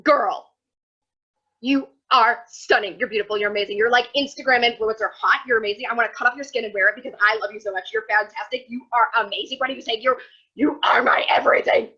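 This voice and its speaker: A woman's voice: fairly high pitch, fast talker, pushed and bright, breathy edge. A woman playing a gushing young female friend who heaps over-the-top praise. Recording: dull lo-fi sound.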